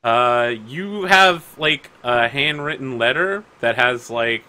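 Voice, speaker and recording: A man's voice: mid-range voice, animated, slow pace, pushed and bright. A man narrating as game master in a casual, rambling way.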